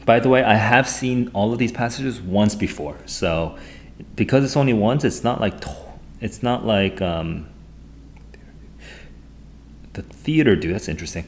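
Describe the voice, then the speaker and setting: A man streaming live as an SAT tutor, thinking aloud in an excitable, rambling way as he walks through test questions at his computer. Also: lowish voice, unhurried, long pauses, slight background noise.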